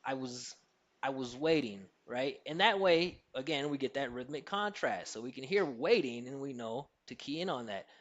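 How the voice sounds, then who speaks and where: A man's voice: medium pitch, expressive, moderate pace, few pauses, a bit bright, highs cut off. A man with an American accent, an accent coach answering interview questions in an emphatic, teacherly way and demonstrating pronunciations.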